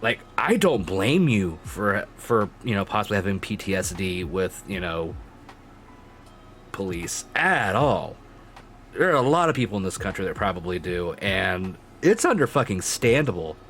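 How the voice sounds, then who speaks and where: A man's voice: low voice, very animated, moderate pace, a bit bright, slight background noise. A man streaming live, chatting casually with his viewers, swearing freely and laughing often.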